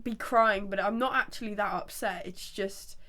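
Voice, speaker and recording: A woman in her late twenties chats on a podcast with a congested, stuffy voice. She rambles freely, leans on "like" and breaks into laughter often, at a middling pitch. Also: normal speed, sharp tone. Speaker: podcast co-host. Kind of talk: casual chat.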